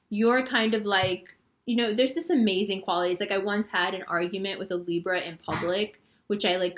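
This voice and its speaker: A woman talks through a tarot and astrology reading in a casual, rambling way. She teases her listeners playfully and keeps saying "like". Her voice sits at a middle pitch. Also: a bit bright. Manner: chatty and rambling, heavy use of "like"; playful, teasing. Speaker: tarot reader.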